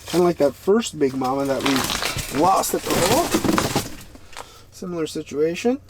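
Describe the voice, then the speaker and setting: A man talking casually to camera while ice fishing on a frozen lake, breaking into excited exclamations. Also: fairly high pitch, moderate pace, very noisy. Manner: excitable, bursts into loud exclamations. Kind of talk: casual outdoor vlog commentary.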